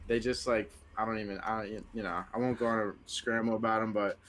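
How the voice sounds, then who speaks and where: A man with a somewhat low voice telling fan stories on a sports stream. He acts out what other people said, and his talk is loose and full of "like" and "yo". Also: brisk. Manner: excitable storyteller, acts out quotes, lots of "like" and "yo". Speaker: co-host of a sports watch-party stream. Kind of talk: casual sports chat.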